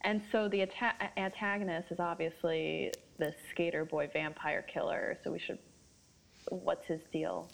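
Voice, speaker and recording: A bubbly woman in easy, casual conversation, laughing often as she riffs on ideas. Her voice sits a little low for a woman. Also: fairly even intonation, measured pace, vocal fry, low-quality recording. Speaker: co-host brainstorming a story. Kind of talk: casual chat.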